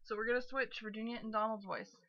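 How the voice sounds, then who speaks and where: A woman's voice: on the high side, fairly even intonation, fast talker, a bit bright, dry recording, dull audio. A young woman chatting casually as she plays through a game, rambling and giggly. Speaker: let's play host. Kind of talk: casual gaming commentary.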